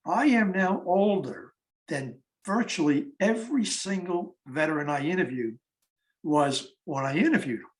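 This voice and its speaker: Animated eighty-year-old male storyteller. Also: high voice, normal speed. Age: 80s. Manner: animated storyteller acting out conversations. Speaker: speaker interviewing war veterans. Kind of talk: storytelling talk.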